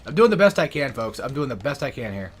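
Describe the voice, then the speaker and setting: A man's voice: medium pitch, sing-song, fast talker, slightly rough. A young man giving casual, rambling gameplay commentary, sarcastic and swearing often. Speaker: gaming YouTuber.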